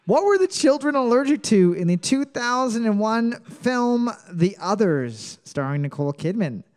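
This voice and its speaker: A man with a high voice hosts a casual trivia quiz. He reads each question twice, then cracks jokes and laughs between rounds. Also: very animated, moderate pace. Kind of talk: joking trivia quiz banter.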